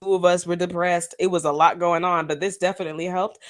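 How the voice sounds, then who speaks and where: A woman's voice: on the low side, flat delivery, fast. A woman co-hosting a podcast, chatting casually and frankly with easy laughs. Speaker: podcast co-host.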